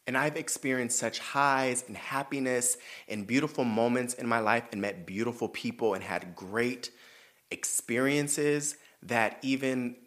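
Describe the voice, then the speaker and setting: Brief: male podcast host, mid-pitched voice, sassy and profane, blunt advice. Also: a bit bright. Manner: reflective and earnest when talking about himself. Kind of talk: casual advice chat.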